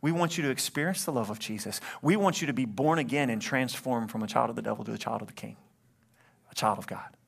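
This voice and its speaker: A man preaching as a pastor in a church, pleading and impassioned, swelling loud and then dropping low during an altar call. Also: fast talker, creaky, husky. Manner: impassioned, rising to loud climaxes then hushed. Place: church sanctuary, livestreamed.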